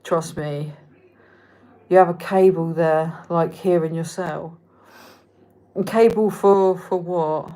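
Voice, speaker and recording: A woman's voice: on the low side, fairly even intonation, slow pace, pauses often, warm tone. Chatty woman with a southern English accent. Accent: Reading, southern English. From England. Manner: chatty, frank and swearing, loses her thread. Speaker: livestream host. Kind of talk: casual livestream chat reading viewer comments.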